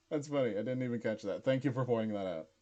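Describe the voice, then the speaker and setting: A man's voice: mid-range voice, dark tone, dull audio. A young man chatting casually as he rewatches his own series, stammering, restarting and laughing easily.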